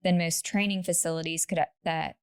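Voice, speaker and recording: A woman's voice: lowish voice, steady tone, normal speed, smooth. A woman co-hosting a podcast, telling a true story in casual chat with laughing asides and lots of "like".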